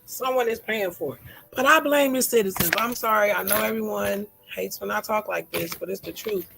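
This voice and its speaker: A woman's voice: mid-range voice, fairly quick, gravelly, over music, rough recording. A woman in her forties hosting a candid personal vlog. She talks in an emotional, heartfelt way, with laughing asides. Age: 40s. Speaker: host.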